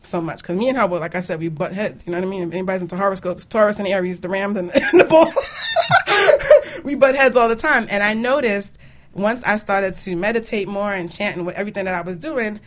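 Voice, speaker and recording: A woman hosts a casual radio talk show, her delivery animated and chatty. She laughs often and keeps a relaxed, talkative flow into the studio mic. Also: medium pitch, quick pace, slight background noise.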